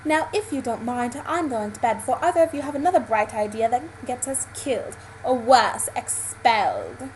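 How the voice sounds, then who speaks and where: A woman's voice: a little high, expressive, moderate pace, hardly any pauses, darkish tone, slight background noise, close to an everyday voice, poor audio. A woman voicing a stern, bossy schoolgirl in a put-on British accent, prim and clipped. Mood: scolding.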